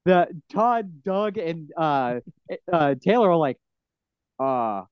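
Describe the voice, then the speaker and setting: A man's voice: a little high, animated, takes it slowly, clear, resonant tone, dry recording, highs cut off. A man casually and enthusiastically retelling film scenes, rambling with restarts.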